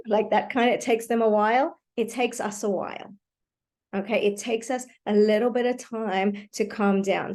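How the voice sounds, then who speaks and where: A woman giving a live online talk to parents, teaching calming techniques in a warm, reassuring way and checking in often with "okay". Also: on the high side. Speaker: parenting educator. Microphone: computer mic on a video call.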